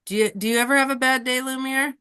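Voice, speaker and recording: A woman's voice: high-pitched, fairly even intonation, quick pace, bright, forceful tone, clear, resonant tone. A woman hosting a casual group conversation, chatty, with lots of fillers. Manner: chatty, many fillers, laughs often. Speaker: host.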